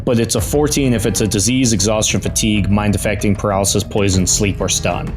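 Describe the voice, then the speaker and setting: A man playing a tabletop game, casual and animated, quick to joke and shout. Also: fairly low pitch, music in the background. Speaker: player.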